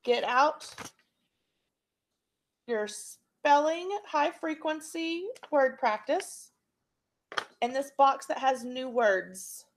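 Slow, patient woman teaching phonics. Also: sits high, a little hiss or hum. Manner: slow, patient, checks in with frequent "okay?". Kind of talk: phonics lesson for young students.

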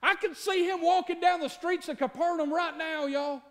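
A man with a strikingly high-pitched voice delivers a sermon from the pulpit. He preaches in a folksy, storytelling way, speaking directly to his congregation. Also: fairly even intonation, moderate pace. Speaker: pastor.

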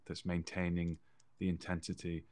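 Deep-voiced man, earnest. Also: completely flat delivery, moderate pace, darkish tone. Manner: earnest, emphatic, repeats phrases for effect. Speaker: podcast co-host. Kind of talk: casual conversational chat.

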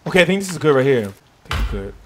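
Jumpy, animated gaming man. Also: fairly high pitch, very fast, background noise. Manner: jumpy, swears often, talks to himself. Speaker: gaming YouTuber. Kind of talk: survival game let's play commentary.

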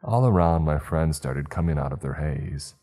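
A man's voice: rumbling low, normal speed, dark tone, faint music behind. A man narrating a scripted horror story with dry, wry humour.

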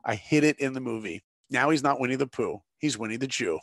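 Gravelly-voiced man telling an earnest story. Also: mid-range voice, expressive, brisk, dry recording, studio quality. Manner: earnest, preacher-like, asks rhetorical questions. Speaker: guest, animation director. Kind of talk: dramatic storytelling in conversation.

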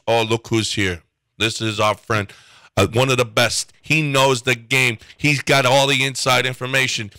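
A radio host playing a brash New sports radio host who trash talks bluntly, for a comedy bit. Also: male voice, medium pitch, steady tone, normal speed, pushed and bright, no echo, lightly acted. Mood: hyped.

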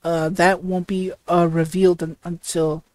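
A let's play host reading game dialogue and commenting, with halting, heavy stuttering. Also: mid-range voice, flat delivery, a little mellow, no room sound.

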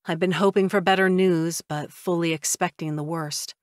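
A woman reading an audiobook voices a solemn male vampire who speaks in a low, measured way. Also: fairly even intonation, no echo, studio quality, lightly acted. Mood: grave. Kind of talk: audiobook character voice.

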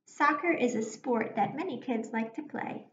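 A woman with a fairly high voice gives a recorded reading lesson to young children. She speaks slowly and clearly, with encouragement and pauses left for answers. The sound is dull, with an echoey room and a faint hiss. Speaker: teacher.

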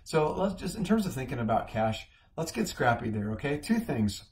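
A man from the Midwestern United States, a company CEO, giving a conversational business talk that opens with a lively personal story. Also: medium pitch, moderate pace.

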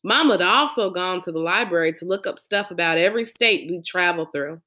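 A woman reading a novel aloud as a lively first-person storyteller. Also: fairly low pitch, fairly quick. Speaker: audiobook reader. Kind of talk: audiobook narration.

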